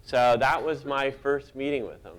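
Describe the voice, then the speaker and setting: A man sits for an interview and tells stories about his career with lively, self-deprecating humor. His voice sits in an ordinary middle register, and he often breaks into amused laughter at his own anecdotes. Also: medium pitch, normal speed. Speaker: cartoonist guest.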